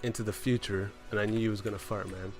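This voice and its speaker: A man's voice: lowish voice, steady tone, fast, faint music behind, close to an everyday voice. A man voicing a smug, laid-back talking magic door in a told game story, speaking with a slangy drawl.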